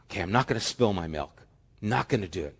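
A man's voice: lively intonation, fast. A man voicing an earnest, anxious little boy who promises to behave. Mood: fretful. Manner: low, hushed, fretful.

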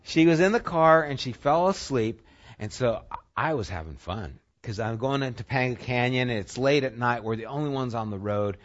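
A man delivers a sermon woven with personal stories in a conversational way. His delivery swings between punchy, raised lines and soft, intimate stretches at a mid pitch. The recording sounds dull and slightly lo-fi. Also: moderate pace. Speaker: pastor.

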